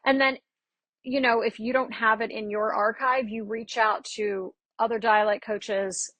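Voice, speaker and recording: A woman with a slightly raised pitch and a breathy, husky edge speaks as a dialect coach on a podcast. She tells lively stories and acts out quoted back-and-forths. The sound is dry and close, with almost no room around it. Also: unhurried, no echo. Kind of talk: casual interview chat.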